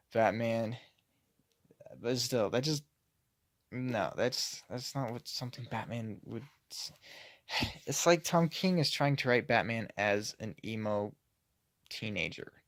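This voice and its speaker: Slow, gravelly-voiced man reviewing comics. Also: medium pitch, no echo, clean studio sound. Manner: critical, sighs often, hesitant with fillers. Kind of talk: casual spoken comic review.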